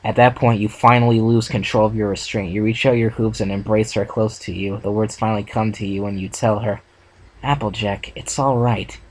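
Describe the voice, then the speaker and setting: A man reading a second-person fan story aloud for a reaction video, steady with small restarts. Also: fairly low pitch, a little fast, few pauses, low-quality recording. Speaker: fan fiction reader.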